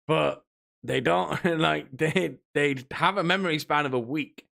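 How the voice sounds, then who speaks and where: A man's voice: on the high side, measured pace, creaky, sharp tone. A man streaming, rambling and mocking in a casual rant, often laughing between remarks. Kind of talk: casual ranting commentary.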